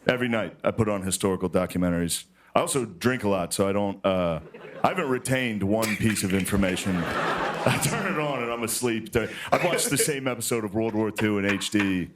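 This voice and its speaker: A young adult man doing a stand-up monologue, deadpan and rambling as he tells his story. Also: lowish voice, brisk, a loud crowd. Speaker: stand-up comedian.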